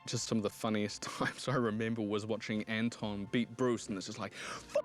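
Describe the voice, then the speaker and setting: An actor recalls a story in a featurette interview, clearly amused. His voice sits a little low, with music faint behind. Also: level tone, normal speed.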